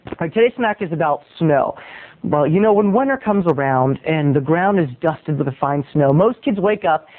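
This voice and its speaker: A man's voice: on the high side, expressive, moderate pace, slight background noise. A man, a video blogger, telling a rambling comic story in a theatrical way. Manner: theatrical, rambling, jumps into voices. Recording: muffled lo-fi phone-like sound.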